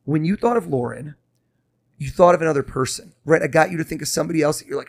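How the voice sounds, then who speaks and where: A man with a slightly high voice rattles off rapid, insistent patter as he works a mind-reading trick on a podcast guest chair. He sounds like a performing mentalist: pushing, prompting, guessing out loud. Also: gravelly. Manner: quick, insistent, showman patter.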